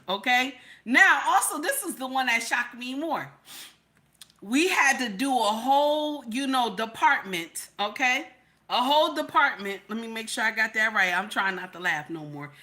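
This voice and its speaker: A woman reacting on a livestream in animated, exclamatory talk, repeating "okay?" often. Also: fairly high pitch, a little slow. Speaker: livestream host. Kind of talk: casual reaction commentary.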